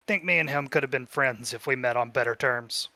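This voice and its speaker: A man's voice: medium pitch, brisk, noisy background, close to an everyday voice. A man voicing a weary wine-drinking rogue. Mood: rueful. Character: weary male wine-drinking adventurer, rough-edged.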